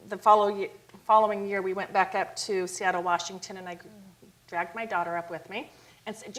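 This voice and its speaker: Animated middle-aged woman telling stories. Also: a little fast, low-quality recording. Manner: animated storyteller, acts out quotes in a higher voice. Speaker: founder of a youth outreach charity. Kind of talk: storytelling in a TV talk interview.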